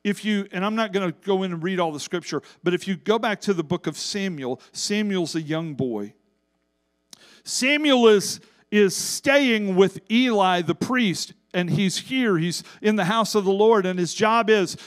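A man preaching from a church stage, his voice sitting high for a man. He swings between loud, stretched-out emphasis and quiet, conversational asides, and acts out the voices in the Bible story he retells. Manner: preaching with wide swings in pitch and loudness, drawn-out emphasis; acts out quoted voices in Bible stories, casual asides to congregation. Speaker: pastor. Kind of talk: sermon.

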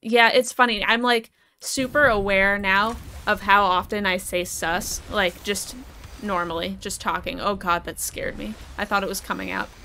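A woman's voice: mid-range voice, steady tone, moderate pace, bright, forceful tone, a little hiss or hum. A young adult woman from New England chatting casually as she plays a game live and talks to her chat, laughing often. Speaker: streamer. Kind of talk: live gameplay commentary.

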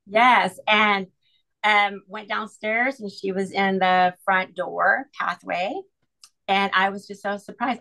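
A middle-aged woman telling an emotional personal story as an interview guest, earnest and halting, with many restarts. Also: mid-range voice, steady tone, pushed and bright, rough recording. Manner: earnest, halting, full of "you know" and restarts.

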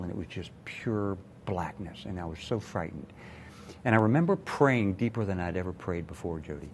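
An older man, a retired doctor, telling a personal story in an earnest, measured way as a TV interview guest. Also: deep voice, slight background noise.

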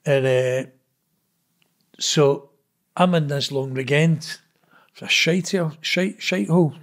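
A middle-aged man with a strong Glaswegian accent tells stories in a casual, rambling way. His voice is gravelly and sits a little high for a man. He swears freely and keeps checking in with "know what I mean". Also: slow pace. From Scotland. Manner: blunt, sweary, rambling with frequent 'know what I mean'. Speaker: interview guest. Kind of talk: casual storytelling.

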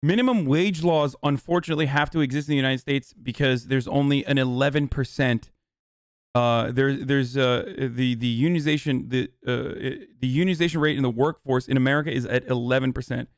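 A man's voice: medium pitch, fairly even intonation, fairly quick, dry recording, studio quality. A young man streaming live, answering chat questions in a casual, heated, profane rant.

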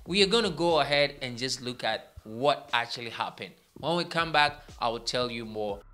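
A man's voice: medium pitch, lively intonation, normal speed. A young man hosting a casual entertainment update from a small studio, chatty and rambling, often correcting himself. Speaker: entertainment news host.

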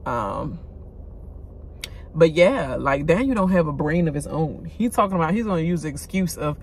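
A woman's voice: low-pitched, lively intonation, moderate pace, slight background noise. A woman giving a blunt, casual rant about a reality show, talking straight to her viewers and swearing freely. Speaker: reality TV commentator.

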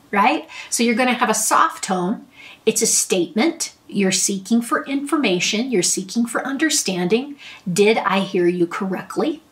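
A woman's voice: fairly high pitch, distant mic. A middle-aged woman therapist explaining a listening skill in a friendly, conversational way, with examples. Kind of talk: talking-head advice lesson.

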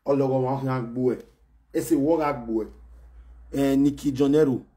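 A man ranting to his fans in an excitable, scolding way, repeating himself and bursting into shouts. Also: mid-range voice, normal speed. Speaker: online personality ranting to fans. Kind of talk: animated pidgin rant.

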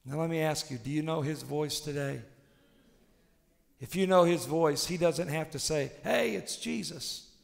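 A male pastor preaching a sermon with passion, swinging between shouted declarations and hushed, intimate tones. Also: on the high side, steady tone, normal speed, creaky, long reverb tail.

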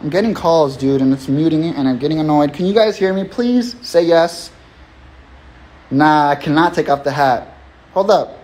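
A man's voice: fairly high pitch, expressive, normal speed, a little mellow. A young man hosting a phone livestream raffle, talking in a loose, profane, rambling way full of slang and pep talk. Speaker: livestream host running a raffle. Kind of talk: casual livestream chat.

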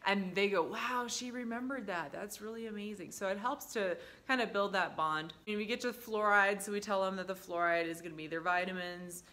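Woman, casual storytelling, chatty, lots of fillers, bright tone. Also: medium pitch, brisk, hardly any pauses. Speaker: dental hygienist vlogger.

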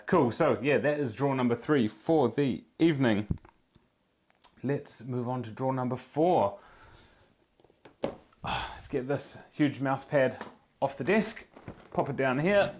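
A man with a New Zealand accent hosts a live prize draw, chatting easily with the viewers. His voice sits at an ordinary middle pitch. He keeps up a loose, friendly commentary while he reads out numbers. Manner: chatty, easygoing, talks to viewers in the chat while working.

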